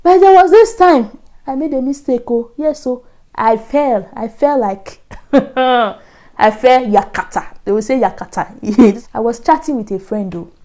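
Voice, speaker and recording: A Nigerian woman vlogger telling a personal story in a lively, animated way, acting out the voices she quotes. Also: fairly high pitch, unhurried. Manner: animated, acts out quoted voices, frequent laughs. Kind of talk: casual storytelling.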